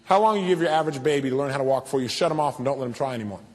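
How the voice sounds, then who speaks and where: A man's voice: mid-range voice, rapid-fire, in a large hall. A man leading a motivational seminar, asking the audience questions and calling for a show of hands. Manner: asks the audience questions, animated. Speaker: motivational speaker. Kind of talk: seminar talk to a live audience.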